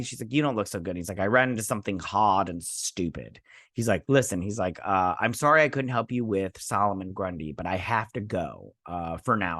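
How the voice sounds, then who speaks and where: A man hosting a casual episode recap, rambling, with loose asides and quick mock quotes of the characters. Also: mid-range voice, fairly bright tone, no room sound, studio quality. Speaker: host.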